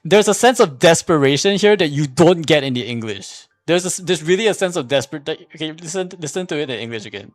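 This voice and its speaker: A man's voice: on the high side, animated, fast talker, few pauses, no room sound, soft background music. A man streaming casual commentary, arguing a point in a rambling way with many restarts and fillers. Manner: repeats "here's the thing" when making a point.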